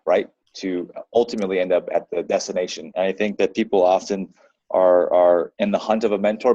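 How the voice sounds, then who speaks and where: A man with a low, mellow voice hosting a podcast interview over a video call. The audio is dull and lo-fi, and the room sounds dry. He affirms his guest and encourages his listeners. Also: no room sound. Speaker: podcast host.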